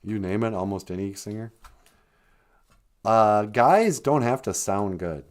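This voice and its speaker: A man in casual comedic chat, rambling through his opinions at an unhurried pace. His pitch swings widely as he jokes, giving the talk a lively, teasing feel. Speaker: podcast host.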